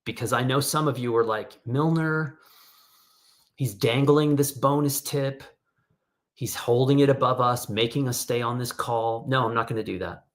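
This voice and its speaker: A man's voice: mid-range voice, fairly even intonation, moderate pace. Casual middle-aged man storytelling. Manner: casual storytelling, acts out quoted voices. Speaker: workshop host. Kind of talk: online workshop presentation. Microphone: video call.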